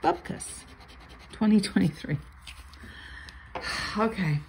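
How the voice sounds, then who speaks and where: A woman's voice: medium pitch, slow pace, darkish tone, a little hiss or hum, poor audio. An older woman reading out lottery numbers and chatting playfully as she scratches tickets, sometimes muttering under her breath. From Florida. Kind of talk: casual chat while scratching tickets.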